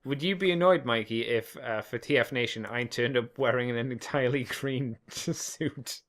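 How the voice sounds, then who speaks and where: A man's voice: medium pitch, moderate pace, a bit bright. A man co-hosting a casual podcast chat. He is laid-back and wry and laughs often as he talks. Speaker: podcast co-host.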